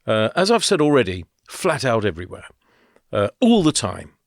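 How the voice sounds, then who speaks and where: A man co-hosting a podcast, talking in a loose, storytelling way with the odd "uh" and "anyway". His voice sits at an ordinary middle pitch. The sound is close and dry, with no room around it. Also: huge pitch swings, normal speed, dry recording. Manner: chatty, storytelling, with fillers and laughs. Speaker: podcast co-host. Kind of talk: casual podcast chat.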